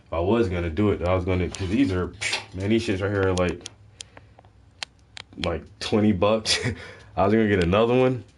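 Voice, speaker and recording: A man with a low voice talks at a moderate pace, leaving long pauses, during a casual painting livestream. He drawls, curses, drops easygoing slang and laughs frequently as a painting vlogger. He's in a fluorescent-lit room at home, and the background is noisy.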